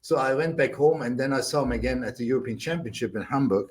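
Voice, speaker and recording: An older man with a German accent, a bodybuilder guest telling animated stories, acting out quotes with loud bursts and laughter. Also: mid-range voice, a little fast, a little hiss or hum. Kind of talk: animated storytelling.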